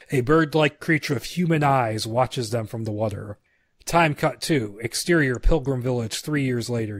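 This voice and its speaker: A man's voice: medium pitch, husky, dry recording, studio quality. A man co-hosting a podcast, chatting casually and reading screenplay narration aloud with stumbles and asides. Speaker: podcast co-host. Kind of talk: casual chat and script read-aloud.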